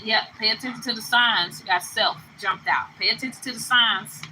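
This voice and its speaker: Woman doing a tarot reading vlog, bright voice, repeats herself for emphasis, calls you baby. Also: on the high side, fairly quick, slight background noise, poor audio. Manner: emphatic, repetitive, laughing between phrases; addresses listener affectionately. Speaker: tarot card reader.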